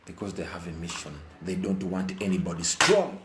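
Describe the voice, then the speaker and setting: Impassioned Ugandan man, low voice, echoey room. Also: lively intonation, normal speed, heavy background noise. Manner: impassioned, repeats phrases, mixes Luganda and English. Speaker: vlogger. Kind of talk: emotional live commentary. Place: indoors while rain falls outside.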